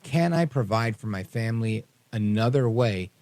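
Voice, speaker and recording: A man's voice: lowish voice, expressive, normal speed, a little mellow, no room sound. A man hosting a political talk radio show, speaking emphatically in a rambling, slangy way.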